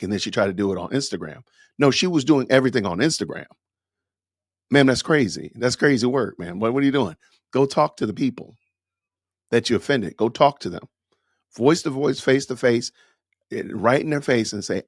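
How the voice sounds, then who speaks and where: A man's voice: medium pitch, lively intonation, fairly quick, no echo, clean studio sound. A man hosting a podcast, giving emphatic, lecturing, repetitive commentary. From Atlanta, USA. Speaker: podcast host.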